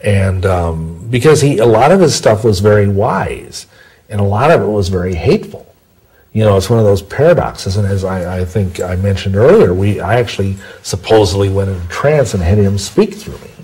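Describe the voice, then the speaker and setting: Low husky guy being interviewed, rambles and goes off on tangents. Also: animated, normal speed, mellow, low-quality recording. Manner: rambling, digressive explanations. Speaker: interview guest. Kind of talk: long-form interview, storytelling.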